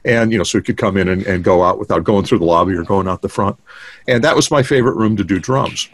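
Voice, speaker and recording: A man's voice: low voice, fast talker, no room sound. A man in his sixties, a guest drummer, telling stories in a casual interview with many fillers and restarts over a video call. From United States. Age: 60s.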